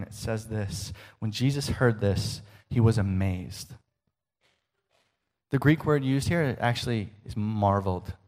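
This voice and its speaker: A man preaching a sermon, slowing for emphasis and dropping to a hush at the ends of lines. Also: mid-range voice. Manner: expressive, slows for emphasis and drops to a hush at line ends.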